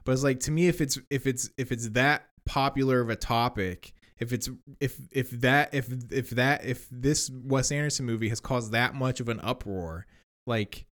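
Man, podcast co-host, casual discussion, halting, frustrated. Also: medium pitch, fairly bright tone. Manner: halting, frustrated, repeats himself.

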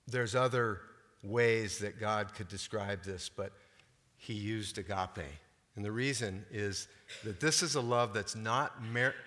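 A man's voice: fairly low pitch, sharp tone, in a large hall. An older man preaching a sermon as pastor, talking conversationally and often asking the congregation questions.

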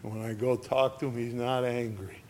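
A man preaching a sermon in a slow, folksy way, repeating phrases and lifting his voice at high points. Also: flat delivery, a little mellow, slight background noise. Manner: slow, folksy, repetitive preaching with sudden lifts in voice. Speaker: pastor.

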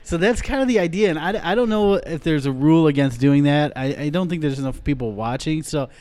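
A man's voice: fairly high pitch, a little fast, darkish tone, smooth. Mumbly, rambling podcast host, a man. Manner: mumbly, rambling storyteller with restarts. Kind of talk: casual chat.

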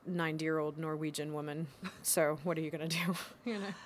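American actress chatting with a laugh. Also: female voice, deep voice, steady tone, fairly quick, slight background noise. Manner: warm, laughs often, many ums. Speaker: actress, guest. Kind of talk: casual interview chat.

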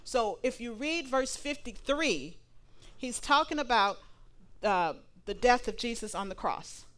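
Woman, sermon, preacher, animated, slightly high voice, acts out dialogue. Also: a little slow.

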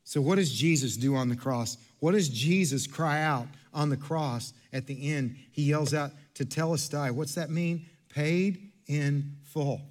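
A male pastor preaching a sermon in a church, repeating himself and restarting phrases, swinging between quiet low stretches and loud passages. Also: measured pace, few pauses.

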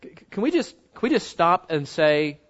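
Emphatic high-voiced male preacher, lo-fi. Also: very animated, normal speed. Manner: emphatic, rising and dropping to near murmurs, rhetorical questions. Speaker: pastor. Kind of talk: expository sermon.

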